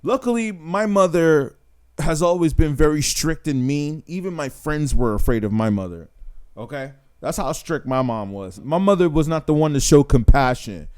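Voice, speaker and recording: Pitched on the high side, his smooth, slightly mellow voice sounds animated and moves at a normal speed. The channel host delivers a casual monologue to camera, speaking bluntly and emphatically, with frequent tags of "man" and "right?".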